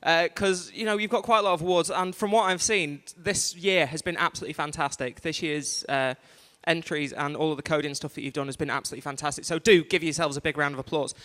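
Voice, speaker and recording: Hosting an awards night live, a man speaks into a stage microphone in a large museum event hall, and the live stream picks up the hall's reverb. His voice is on the high side and a bit bright, and he talks fast with few pauses. As compere he's chatty and rambling in a stand-up style, tossing asides to the audience.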